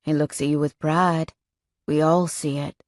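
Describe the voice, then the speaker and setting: A woman voicing a cocky, flirtatious male biker who teases with a slow drawl. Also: low voice, flat delivery, darkish tone, no room sound, studio quality. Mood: reassuring. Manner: teasing drawl, calls her sugar.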